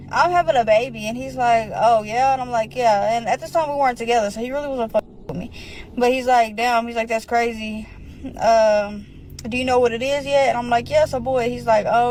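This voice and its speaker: A woman's voice: a little high, a little mellow, a little hiss or hum, low-quality recording. A woman casually telling her own story, rambling, with slang and a lot of filler words.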